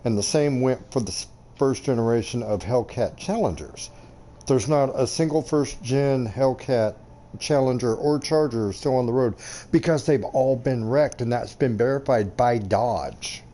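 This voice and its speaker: A man hosting a relaxed chat with fellow sim racers, easygoing and quick to laugh, on a headset mic. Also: mid-range voice.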